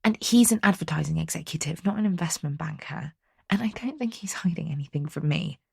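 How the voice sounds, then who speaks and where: Smitten young woman, put on by a woman reader, hushed whisper, secretive and smiling. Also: deep voice, lively intonation, fairly quick, gravelly, slightly rough, dry recording, clean studio sound, full character voice.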